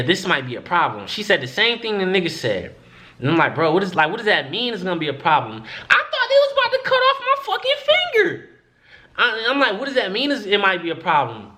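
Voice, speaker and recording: Animated young man telling a story. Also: sits high. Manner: animated, profane, acts out quoted voices. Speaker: vlogger. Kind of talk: casual storytelling to camera.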